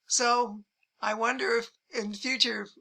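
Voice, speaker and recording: An older woman, a travel vlogger, telling amused anecdotes to the camera in a measured way and lifting her pitch when she quotes people. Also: steady tone, gravelly, bright, forceful tone.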